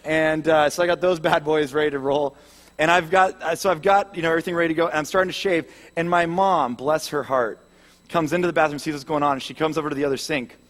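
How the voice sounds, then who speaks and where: A pastor with a fairly high voice delivers a sermon, joking at his own expense as he tells a story. He shifts into an earnest, reflective tone when he turns to growing up. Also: fairly even intonation, fast talker, fairly bright tone. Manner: humorous, self-deprecating storytelling.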